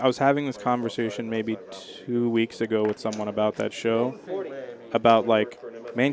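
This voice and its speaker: A man co-commentating a live poker game in a casual, analytical, conversational way. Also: on the low side.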